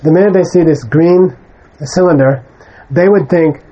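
A man teaching Buddhism to a class talks in a mellow, slightly high voice at an ordinary pace. He casually but bluntly knocks down wrong views and regularly checks understanding with "okay?". The treble in the recording is cut off.

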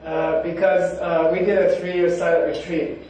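A man's voice: on the high side, little pitch movement, moderate pace, a little mellow, slight background noise. A man, a monk, giving a casual spiritual talk full of personal stories, rambling and conversational with many "you know"s. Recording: very echoey room, mic far off.

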